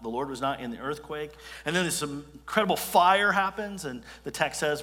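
A man preaching with a bright, forceful edge, his voice sitting a little high for a man. He talks to the congregation conversationally and doubles back on his words as he goes. A long reverb trails each phrase through the hall. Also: brisk, few pauses. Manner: conversational, restarts often. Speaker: pastor. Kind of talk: sermon.

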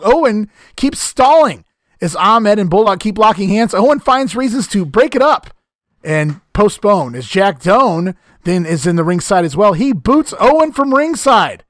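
A man with a notably high voice recaps an old wrestling broadcast play by play, dry-humored and casually profane. The recording is dry and close, with almost no room sound. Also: a bit bright, no room sound. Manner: wry, joking, swears casually. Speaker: podcast co-host recapping wrestling.

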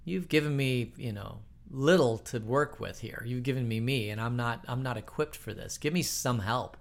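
A man's voice: medium pitch, normal speed, gravelly, lightly acted. A man voicing an overwhelmed, pleading Moses. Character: anxious pleading male Moses, overwhelmed leader.

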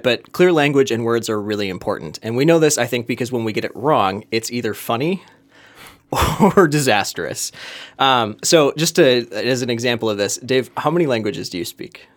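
A man from Minnesota co-hosting a podcast, explaining ideas in a relaxed, conversational way with frequent fillers. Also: medium pitch. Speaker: podcast co-host. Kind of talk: casual chat.

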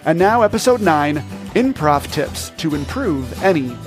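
A man's voice: a little high, sing-song, measured pace, soft background music. A man hosting a podcast, giving scripted, upbeat, instructive narration into a close mic. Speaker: podcast host.

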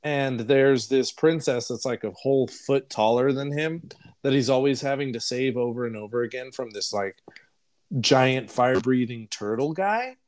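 Young dude rambling a movie recap, laughs a lot, casual swearing. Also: male voice, mid-range voice, moderate pace, darkish tone. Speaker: podcast co-host. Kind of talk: casual chat, movie review.

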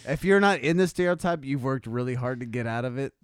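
A young man from Texas with a Texan accent, co-hosting a casual podcast, animated, joking and swearing freely. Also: medium pitch, fast, clear, resonant tone, no echo, studio quality. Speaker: podcast co-host. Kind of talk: casual chat.

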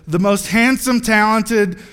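A man with a high, bright voice preaching to a crowd. He jokes and acts out small scenes as he talks. His voice rings with the long echo of a large hall. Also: slow pace, smooth. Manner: animated, joking, acts out little scenes. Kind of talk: sermon.

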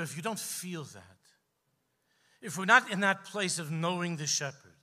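A man, a rabbi preaching to a gathering, telling stories with passion and slowing down for emphasis. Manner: impassioned storytelling, slows for emphasis, drops low and quiet at key lines. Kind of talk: sermon at a gathering. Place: live event hall.

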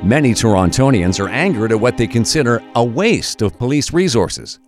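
A man giving scripted documentary narration in a measured, expressive storytelling manner. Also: medium pitch, soft background music.

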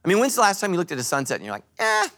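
A male pastor giving a sermon at a church service, joking and telling animated stories. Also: on the high side, very fast. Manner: animated, joking, storytelling preacher.

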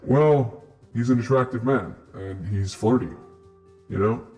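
A man's voice: medium pitch, a little slow, dark tone, soft background music, lightly acted. A man voicing a cocky male iron golem priest who brags about fighting and drinking and gets touchy about his catchphrases. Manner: swaggering, boastful, touchy.

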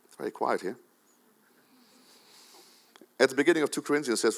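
A pastor from the Netherlands, preaching a sermon in a church, swinging between loud, emphatic urging and quiet asides. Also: male voice, medium pitch, fairly quick, gravelly, long pauses.

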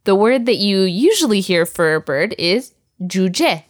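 A woman's voice: medium pitch, big pitch swings, normal speed. A woman teaching a recorded language lesson, patiently drilling words and laughing often.

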